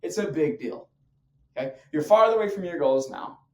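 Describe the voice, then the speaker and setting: A man's voice: on the high side, lively intonation, normal speed, darkish tone. A man coaching on fitness habits in an emphatic, slangy, punchy motivational talk to camera. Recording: echoey room.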